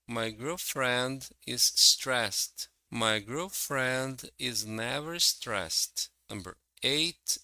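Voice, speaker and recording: Slow, bright-voiced male English teacher. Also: medium pitch, no room sound, low-quality recording. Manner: slow, careful and explanatory, reading out example sentences. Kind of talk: slow, deliberate grammar lesson.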